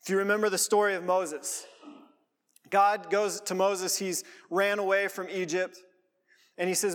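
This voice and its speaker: A man's voice: high-pitched, flat delivery, normal speed, a bit bright. A man preaching a sermon as pastor, reading scripture aloud and then explaining it in a conversational way. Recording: long reverb of a large hall.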